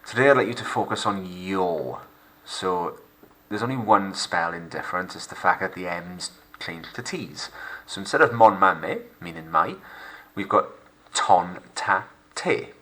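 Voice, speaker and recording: Man, low pitch, crisp bright tone, recorded French lesson, slow repeat-after-me modelling. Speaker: French teacher. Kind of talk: recorded remote lesson narration. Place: home recording for lockdown learning.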